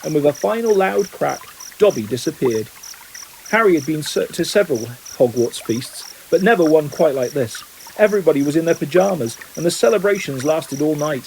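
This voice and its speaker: A man reading a novel aloud in plain, steady narration. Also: fairly high pitch, moderate pace, vocal fry, slight background noise, low-quality recording. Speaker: audiobook reader.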